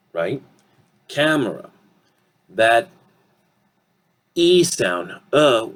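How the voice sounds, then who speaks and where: A man teaching English pronunciation in an online lesson, speaking deliberately, modelling words slowly and often checking in with the learner. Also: lowish voice.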